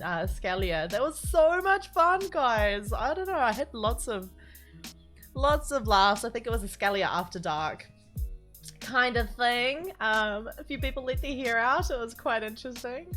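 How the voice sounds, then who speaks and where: A bright, fairly high-voiced woman chatting with her stream chat from a home setup, giggling between sentences. She greets viewers one after another in a casual, friendly way, with soft music faintly underneath.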